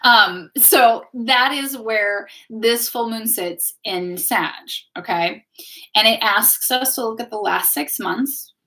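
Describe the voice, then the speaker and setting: A woman's voice: on the high side, takes it slowly. A woman hosts a spiritual live stream and talks casually to the people watching. Her tone is chatty and encouraging, like a teacher guiding a group. She keeps checking in with her audience as she goes. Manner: chatty, warm-hearted, keeps checking in with viewers ("okay?", "right?"). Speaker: host of a live astrology and tarot stream.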